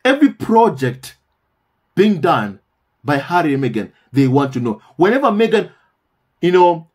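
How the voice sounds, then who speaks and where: A man's voice: on the high side, big pitch swings, moderate pace, darkish tone, slightly rough. A man hosting a commentary channel, talking in a casual monologue, emphatic and repeating phrases for stress, often calling his viewers "my family".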